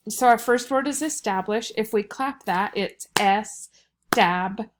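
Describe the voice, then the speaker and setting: A woman teacher giving a recorded vocabulary lesson for children, explaining slowly and patiently. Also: fairly high pitch.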